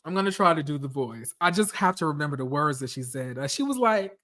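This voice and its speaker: A woman's voice: low voice, animated, fast, fairly bright tone. A woman giving casual, profane reality TV commentary, blunt and repeating phrases for emphasis.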